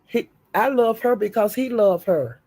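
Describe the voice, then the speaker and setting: Gravelly, cursing middle-aged woman ranting. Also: fairly high pitch, expressive, a little slow, mellow, no room sound. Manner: profane, scolding, emphatic. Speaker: livestream host. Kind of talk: heated livestream rant.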